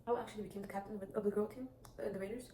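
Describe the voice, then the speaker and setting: A teenage girl vlogger rambles racingly through casual advice, chatty and meandering, with many restarts and "like" fillers as she circles back on herself. Her tone is steady and her pitch fairly level. The recording is roomy and echoey, with clear background noise.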